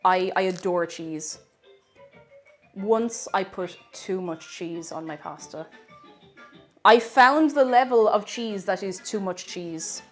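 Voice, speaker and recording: A woman's voice: mid-range voice, slow pace, faint music behind. A young Irish woman with a Tipperary accent, chatting and giggling with her viewers while cooking on a live stream. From Tipperary, Ireland. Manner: chatty, giggly, greets chat warmly. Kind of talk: casual cooking stream chat.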